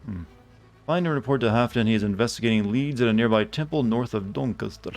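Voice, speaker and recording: Rambling, joking male streamer, mid-pitched voice, faint music behind. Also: quick pace, a little mellow. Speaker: game streamer. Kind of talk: casual gameplay commentary.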